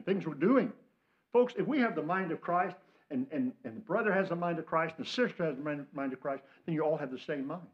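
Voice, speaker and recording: An older man with an American Midwestern accent preaches a fervent sermon. His voice sits fairly high, rising to loud exhortation and dropping to hushed asides. The church recording sounds dull and lo-fi. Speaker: pastor. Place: church sanctuary.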